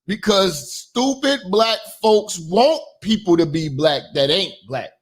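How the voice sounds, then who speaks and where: Guy ranting over clips, high voice jumping all over the place, yells then mutters. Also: lively intonation, slow, slightly rough, soft background music. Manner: loud ranting, swings to muttering. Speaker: commentary host. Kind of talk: profane reaction commentary.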